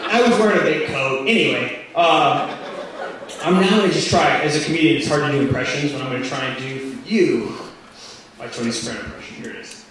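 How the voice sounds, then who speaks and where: Stand-up comedian, man, slightly high voice, rambling delivery, picked up from a distance in a reverberant club with an audience laughing. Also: brisk, noisy background. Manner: rambling, filler-heavy delivery with sudden loud outbursts. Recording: echoey club recorded from far off with audience.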